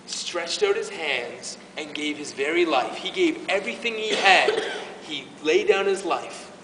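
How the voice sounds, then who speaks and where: A parish youth ministry speaker talks informally about faith to the youth group, his voice on the high side. The talk is earnest and emotional, full of restarts. Recorded from a distance in a hall with lots of echo, the clip has a noisy background.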